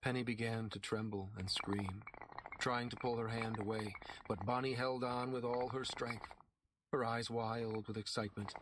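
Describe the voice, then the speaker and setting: A man's voice: medium pitch, little pitch movement, noisy background. Man reading a dramatic audiobook. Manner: measured, dramatic storytelling. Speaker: narrator. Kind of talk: scripted audiobook narration.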